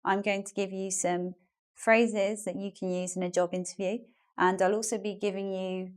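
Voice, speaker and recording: A woman's voice: medium pitch, level tone, normal speed, clean tone. A woman with a British English accent from England, teaching an online English lesson in a chatty way and explaining phrases with examples and asides.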